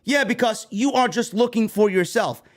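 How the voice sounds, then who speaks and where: A man's voice: sits high, moderate pace. A man from New York hosting a wrestling news show, ranting heatedly with a lot of swearing. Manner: animated, heated, heavy swearing. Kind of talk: profane ranting commentary.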